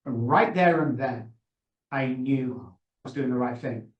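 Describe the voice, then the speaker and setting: A man's voice: medium pitch, a little slow, highs cut off. Passionate man in a roomy echo. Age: middle-aged. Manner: passionate, emphatic. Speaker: guest, addiction consultant. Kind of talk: emotional storytelling. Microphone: video call.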